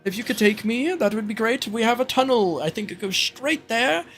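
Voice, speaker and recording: A man's voice: very high voice, expressive, normal speed, fairly bright tone, soft background music, pitched above the performer's own voice, exaggerated voice. A man voicing a cowardly, murderous male noble who fawns and gushes in a whiny voice. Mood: gushing. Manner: whiny, gushing, breathless.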